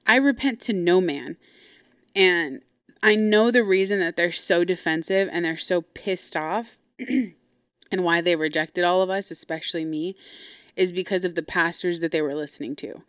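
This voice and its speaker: A woman's voice: on the low side, moderate pace, a bit bright, clean tone, no room sound, studio quality. A woman hosting a podcast and recounting a family confrontation in a blunt, heated, casual way, swearing often and acting out what others said in her own voice. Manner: acts out quoted people in her own voice. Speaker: podcast host. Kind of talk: casual storytelling.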